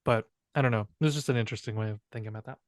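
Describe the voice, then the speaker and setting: A male podcast co-host with a mid-pitched voice, telling jokes in a playful and casual way. He tosses in quick asides. The recording is dry and close. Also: no echo. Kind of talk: casual comedic chat.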